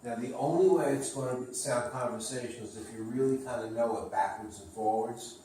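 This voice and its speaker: A man's voice: medium pitch, fairly quick, dark tone, distant mic. A male sales trainer coaches a trainee with encouraging, instructive remarks and the odd joke. He sits well back from the mic in a very echoey room, with a faint hum of ambience behind him. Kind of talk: coaching a role-play reading.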